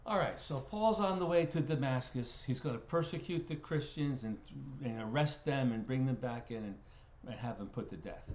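A man's voice: medium pitch, normal speed, a little mellow. Folksy man teaching Bible study in a roomy space. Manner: folksy, repeats words while thinking aloud. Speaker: pastor leading a Bible study. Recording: roomy echo.

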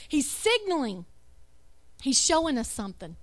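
A woman's voice: high-pitched, lively intonation, normal speed. A woman giving an emphatic religious talk over slides, with rhetorical questions and self-corrections. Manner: reads lists aloud, self-correcting. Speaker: religious speaker.

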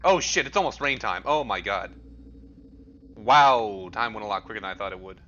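A young man giving casual, excitable gameplay commentary, swearing and yelping in panic as he plays. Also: on the low side, normal speed. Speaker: gameplay streamer. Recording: dull lo-fi audio with game music. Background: game music.

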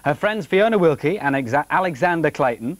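A man's voice: a little high, lively intonation, a little fast, dry recording. A man presenting on the radio in a chatty, jokey way, reading out birthday messages.

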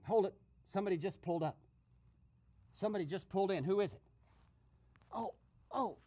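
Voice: medium pitch, fairly quick, mellow, lightly acted. A performer playing a nosy male eavesdropper in a comic radio sketch, giving breathless running commentary and shushing constantly. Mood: gossipy.

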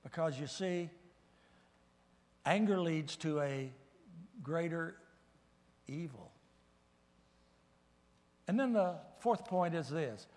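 A man preaching a guest sermon in a church, animated and swinging from loud bursts to hushed asides. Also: fairly high pitch, slow pace, pauses often. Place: church sanctuary. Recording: reverberant church hall.

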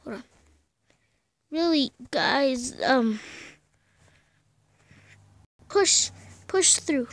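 A woman's voice: high-pitched, fairly bright tone. A young woman commenting on a horror game from her bedroom, pleading and often dropping to a scared whisper. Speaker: gamer. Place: bedroom at home.

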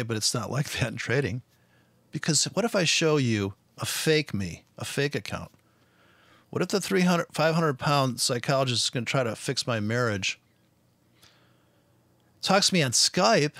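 A man's voice: fairly high pitch, a bit bright, dry recording. A man ranting bluntly over his trading charts, swearing nonstop and laughing at his own jokes. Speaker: forex trader streaming his charts. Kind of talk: profane ranting commentary.

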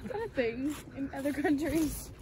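Giggly young woman chatting on a vlog, higher voice, super loud noise around. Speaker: travel vlogger. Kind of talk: casual vlog chat. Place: outdoors in a city.

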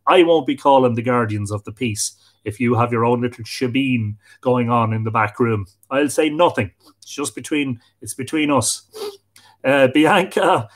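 A man with an Irish accent hosting a live online show, chatting casually and greeting viewers by name as he reads out their comments. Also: medium pitch. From Ireland. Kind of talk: casual live-stream chat, reading out comments.

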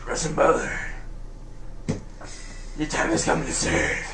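A man voicing a shrieking, melodramatic male superhero who is bossy and whiny, with hammy yelling and wailing outbursts in a comedy skit. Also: fairly low pitch, background noise, pitched below the performer's own voice, heavily acted. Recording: roomy, distant-mic home recording.

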